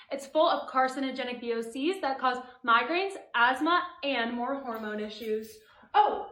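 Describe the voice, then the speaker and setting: High sarcastic woman in an echoey room. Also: fairly bright tone. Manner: mock-sweet, sarcastic. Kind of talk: sarcastic comedy skit.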